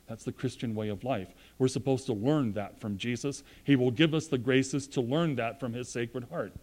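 A man preaching a sermon with earnest emphasis, rising to loud points and dropping to quiet, low asides. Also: moderate pace.

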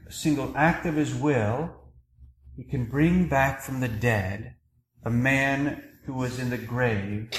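A man preaching a sermon as a priest, earnest and measured, pausing between phrases. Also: mid-range voice, a bit bright, reverberant, rough recording. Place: church.

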